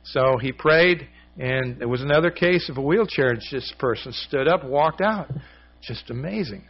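Guy preaching, telling stories, slightly dull lo-fi sound, voice sits mid pitch. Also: expressive, normal speed, breathy edge. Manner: storytelling, acts out quoted voices, conversational. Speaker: pastor. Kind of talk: sermon.

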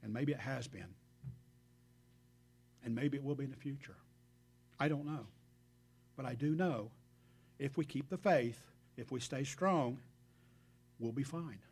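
A man's voice: medium pitch, measured pace, creaky, pauses often, darkish tone, husky. A man giving a conversational sermon, speaking earnestly and addressing the congregation directly, with reflective asides between scripture readings. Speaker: preacher.

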